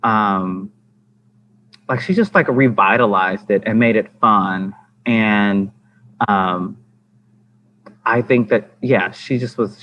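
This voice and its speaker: A man and dance teacher on a podcast chatting casually, rambling with lots of fillers and restarts. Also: fairly low pitch. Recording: slightly dull lo-fi with faint ambience.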